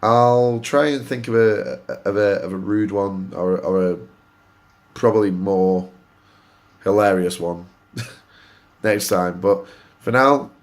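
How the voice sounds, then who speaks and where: A man from Oldham with a Greater Manchester accent, hosting a gaming channel and telling a story in a casual, animated way, swearing freely and laughing at himself. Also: on the low side, slow, pauses often. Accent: Greater Manchester English. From Oldham, England.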